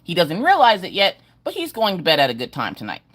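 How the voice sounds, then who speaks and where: A woman's voice: lowish voice, huge pitch swings, fast, a bit bright. A middle-aged woman hosting a casual livestream from home, greeting viewers by name in a sing-song way. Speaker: livestream host.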